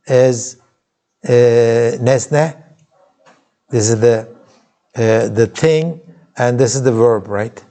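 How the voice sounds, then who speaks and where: Mellow-voiced lecturer with a Turkish accent. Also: male voice, medium pitch. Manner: checks in with the class, frequent "okay?" and "right?"; halting, with many filler sounds and restarts. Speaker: university lecturer. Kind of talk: classroom lecture.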